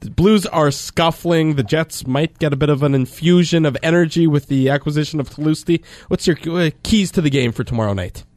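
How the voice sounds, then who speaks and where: Man, radio show host, chatty and relaxed, dry close studio sound. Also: on the high side, fairly quick, few pauses, dry recording. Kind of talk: casual sports radio talk.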